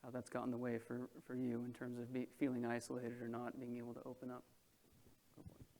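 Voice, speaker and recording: A man moderates a panel and presents to an audience in a room, talking conversationally and repeatedly checking in with listeners. His medium-pitched voice is monotone, dark, and fast, with a little hiss or hum.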